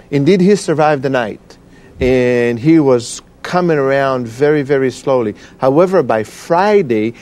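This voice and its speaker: A man tells a personal story in an interview, pausing often and searching for his words. His voice sits at a middle pitch, and his delivery is earnest and full of feeling. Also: darkish tone. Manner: halting, emotional storytelling with many fillers. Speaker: guest. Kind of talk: personal testimony.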